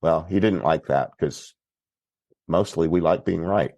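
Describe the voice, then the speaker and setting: A man from Texas, a priest guest on a podcast, telling a story in an unhurried, plainspoken way. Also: sits low, creaky, a little mellow, dry recording, lo-fi sound. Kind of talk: recounting a story in conversation.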